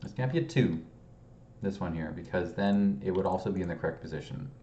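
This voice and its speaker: A man's voice: low voice, expressive, fairly quick, mellow, reverberant, highs cut off, a little hiss or hum. A young Canadian man talking through a puzzle game, muttering numbers to himself and apologizing sheepishly. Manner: mutters digits, apologetic and self-mocking. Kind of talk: casual solving commentary.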